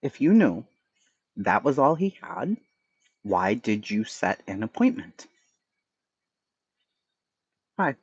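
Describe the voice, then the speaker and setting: A man's voice: medium pitch, big pitch swings, slow pace, long pauses, slightly rough, no echo, muffled recording. A man with a Boston accent hosting a casual livestream chat, blunt and profane, answering his chat. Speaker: livestream host.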